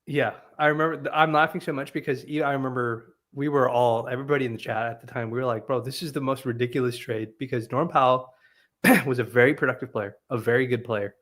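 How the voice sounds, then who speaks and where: A man's voice: mid-range voice, steady tone, fast talker, fairly bright tone. Laid-back man reminiscing with laughs. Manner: laughing, loose conversational recollection. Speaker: podcast co-host. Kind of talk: casual sports chat.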